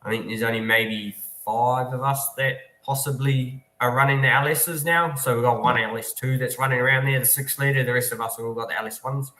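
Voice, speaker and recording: A man's voice: mid-range voice, fairly even intonation, a little fast, few pauses, bright, forceful tone. A man from New Zealand, a guest racing driver, chatting easily in an interview with lots of ums. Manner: easygoing, technical, many ums. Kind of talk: casual interview. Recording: echoey room.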